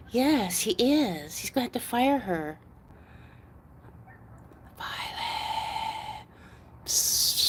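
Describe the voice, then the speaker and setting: A woman chatting casually on a live stream from her yard at night, talking to viewers and cooing at her dog in a high sing-song voice on a phone mic. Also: a little mellow, slight background noise.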